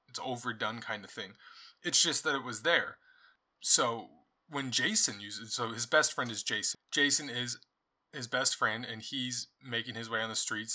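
A man's voice: mid-range voice, sharp tone. A man hosting a book club podcast, talking casually through his thoughts on a novel with frequent restarts and asides. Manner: conversational, thinking aloud with many restarts and asides. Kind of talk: casual solo book review.

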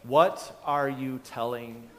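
A man's voice: mid-range voice, fairly even intonation, slow pace, long reverb tail, background noise. A male pastor giving a conversational sermon, often restarting his sentences and chuckling. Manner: conversational, self-interrupting, chuckling.

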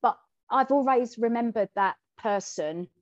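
A woman co-hosting a conversational podcast, telling a personal story in a candid, lively way and acting out the lines she quotes. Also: fairly high pitch, measured pace, no room sound. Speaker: podcast co-host. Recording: dull, dry and muffled.

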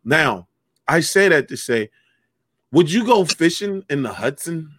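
A young man co-hosts a podcast in loose, rambling chat. His voice is high for a man and sharply bright, recorded dry and close. He swears freely and gets excitable. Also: a little slow, breathy edge, dry recording. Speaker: podcast co-host. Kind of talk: casual chat.

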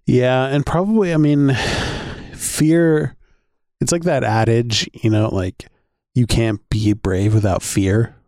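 A man's voice: medium pitch, steady tone, slow, a little mellow, no echo, studio quality. A man co-hosting a casual podcast chat, laughing often and restarting his sentences. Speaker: podcast co-host.

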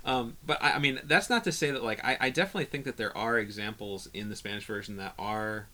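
A man in casual conversation about old films, talking haltingly with many restarts and bursts of animation. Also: lowish voice, pushed and bright. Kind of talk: casual film discussion.

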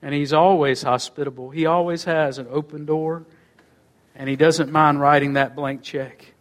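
A man preaching a sermon as pastor, swinging between loud rising phrases and low, quiet phrase endings. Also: steady tone, moderate pace. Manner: preaching with wide swings in pitch and loudness, dropping low and quiet at phrase ends.

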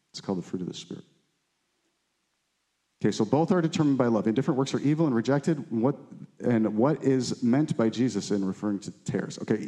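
A man preaching a sermon, animated and shifting between excited exclamations and low earnest asides, and putting questions straight to his listeners. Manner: asks the listeners direct questions. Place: church meeting room.

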